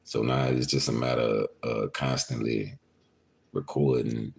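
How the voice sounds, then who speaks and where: A man's voice: rumbling low, steady tone, a little slow, creaky. A man hosting a casual livestream podcast from home, talking loosely and profanely with his viewers and laughing often. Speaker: podcast host talking to live chat. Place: indoors, at home.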